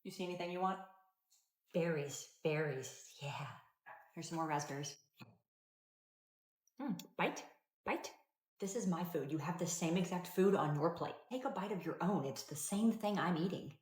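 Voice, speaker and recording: A woman talking calmly and patiently as a parent, mixing dry humor into everyday parenting skits and advice. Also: lowish voice, moderate pace. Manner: calm, patient, dryly wry. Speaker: parent content creator.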